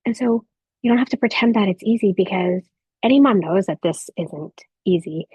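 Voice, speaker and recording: A woman in her thirties giving a gentle motivational talk to a live audience of mothers, speaking softly with reflective pauses. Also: mid-range voice, husky, no echo. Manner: soft, warm encouraging delivery with reflective pauses.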